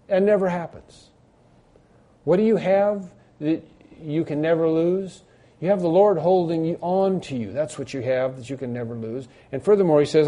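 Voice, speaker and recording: Mellow-voiced man preaching a sermon. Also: on the high side, normal speed. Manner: earnest, repeats phrases for emphasis. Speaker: pastor.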